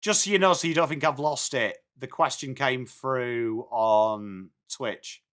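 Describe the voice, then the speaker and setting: A mid-range, fairly bright voice at a measured pace comes from an Englishman, an adult with children from England. As host of a live football watch-along, he calls the play and talks with viewers. He's chatty, switching between match commentary and replies to comments.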